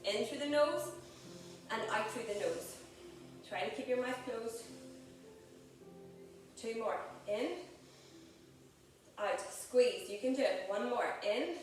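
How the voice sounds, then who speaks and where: A woman's voice: medium pitch, takes it slowly, long pauses, faint music behind. A woman yoga teacher guiding a live group class, calling out poses and breaths in an encouraging way. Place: group exercise studio. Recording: echoey room, voice far from mic, background noise.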